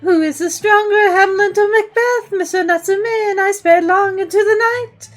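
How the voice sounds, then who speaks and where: A woman's voice: very high voice, moderate pace, soft background music, voice pushed up. A woman voicing a theatrical man who talks in flowery, old-fashioned verse. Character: theatrical Shakespeare-quoting man, flowery and pompous.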